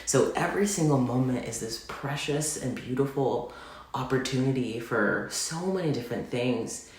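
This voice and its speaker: Man, vlogger, gentle, rambling, heartfelt, confessional, very echoey room. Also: mid-range voice, moderate pace. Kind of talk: confessional casual vlog.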